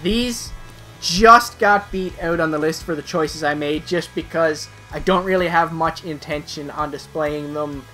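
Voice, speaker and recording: A woman's voice: low voice, pushed and bright, faint music behind. A woman co-hosting a collectibles vlog, chatting casually and cracking jokes. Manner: joking, playful, quick asides. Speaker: collectibles channel co-host.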